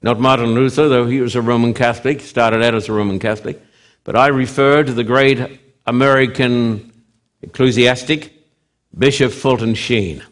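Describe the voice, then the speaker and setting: Speaking at medium pitch in a steady tone, a man delivers a sermon that shifts from booming emphasis to quiet drops. He phrases things slowly, deliberately, and repetitively.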